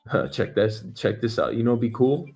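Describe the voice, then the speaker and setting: A man's voice: mid-range voice, steady tone, normal speed, gravelly, darkish tone, soft background music. A man hosting a news talk stream as a comedian, rambling and swearing freely, with lots of filler words. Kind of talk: casual profane commentary.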